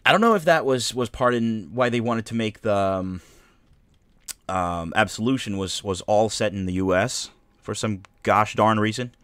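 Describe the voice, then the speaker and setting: Male streamer, lowish voice, dry close sound, loose jokey gameplay chatter. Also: moderate pace, fairly bright tone, clean tone, no echo. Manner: rambling, joking asides. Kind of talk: casual gameplay commentary.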